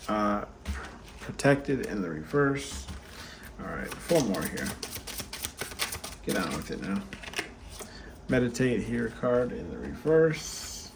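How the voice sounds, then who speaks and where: A man's voice: on the low side, slow pace, gravelly, long pauses. Tired-sounding man doing a card reading. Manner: chatty, many fillers, talks to viewers directly. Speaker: tarot card reader and channel host. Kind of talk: casual oracle card reading. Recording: steady background noise.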